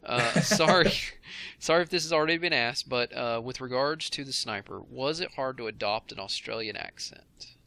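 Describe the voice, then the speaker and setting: A man hosting a casual interview, reading out listener questions in a relaxed, chatty manner. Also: medium pitch, moderate pace, creaky. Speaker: interview host.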